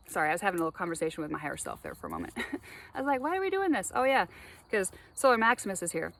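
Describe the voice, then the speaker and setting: A woman talking straight to her viewers in a rambling spiritual monologue, animated, laughing often and swearing freely. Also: on the low side, creaky. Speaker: spiritual vlogger.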